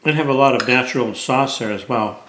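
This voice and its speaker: A cooking show chef tastes a dish and chats casually while eating. His medium-pitched voice moves fairly quickly over a noisy background, with roomy kitchen echo and faint clatter.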